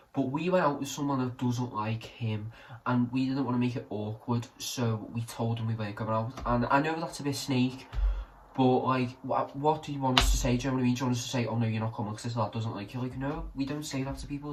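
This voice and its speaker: A young man rambles through a casual vlog, cheeky and chatty, doubling back to fix his own details. His voice sits at an ordinary middle pitch, with a faint hiss behind it. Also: rough recording. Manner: rambling, cheeky and self-correcting. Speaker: vlogger. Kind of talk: casual chat vlog while drinking.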